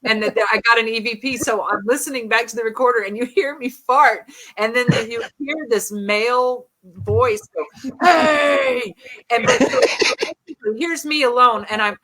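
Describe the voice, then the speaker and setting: A woman guest on a podcast, a paranormal investigator telling stories in candid, animated casual chat. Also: on the high side, brisk, hardly any pauses.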